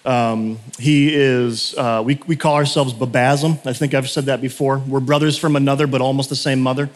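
A man's voice: medium pitch, steady tone, moderate pace. A man preaching a casual sermon, a chatty storyteller who often interrupts himself, in a church sanctuary. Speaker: pastor. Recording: long hall reverb.

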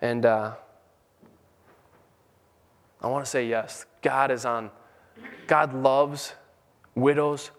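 A man's voice: medium pitch, fairly even intonation, slow pace, long pauses. A middle-aged man preaching a sermon with fervent, emphatic peaks. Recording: long hall reverb.

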